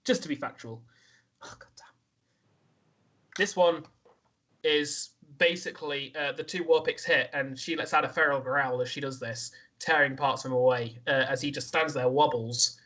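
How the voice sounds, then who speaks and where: A man narrating a tabletop game as game master, describing the action in a halting way. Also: mid-range voice, steady tone, sharp tone, muffled recording.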